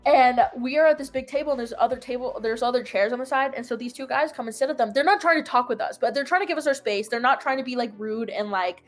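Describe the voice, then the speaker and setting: A woman's voice: high voice, quick pace, few pauses. A young woman casually telling a long story, full of "like" fillers and acted-out quotes. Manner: rambling, filler-heavy "like", animated retelling. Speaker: host.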